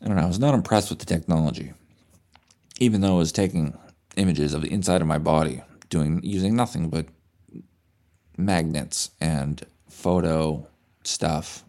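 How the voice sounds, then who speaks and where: Low-voiced, profane podcast host. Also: male voice, normal speed. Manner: profane, animated retelling with restarts. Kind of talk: casual storytelling chat.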